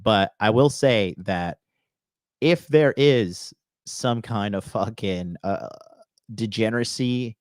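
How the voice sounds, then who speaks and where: A low-voiced man delivers a blunt, scolding reaction commentary. He hammers his points home by repeating the same phrase again and again. The sound is dry and close, with no room around it. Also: slow pace, no echo. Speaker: host of a dating advice channel.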